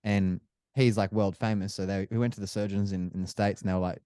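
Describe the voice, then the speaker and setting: A man's voice: fairly low pitch, fairly even intonation, fast talker, mellow, clean tone, dry recording, clean studio sound. A man co-hosting a podcast in casual chat, telling rambling stories and swearing freely.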